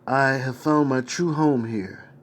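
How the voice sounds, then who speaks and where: A troubled grown man who pleads and reassures by turns, read aloud by a man. His lines come in a plain, mid-pitched reading voice with no put-on character. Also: slow pace, close to an everyday voice. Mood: wistful. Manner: read out plainly in the reader's own voice.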